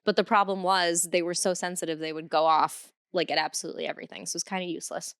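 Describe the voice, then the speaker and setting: A woman's voice: on the low side, little pitch movement, fast talker, a bit bright, clear, resonant tone, no echo, clean studio sound. A woman in her thirties from Cleveland, hosting a podcast and telling stories candidly with frequent swearing. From Cleveland, USA. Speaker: podcast host. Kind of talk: casual chat.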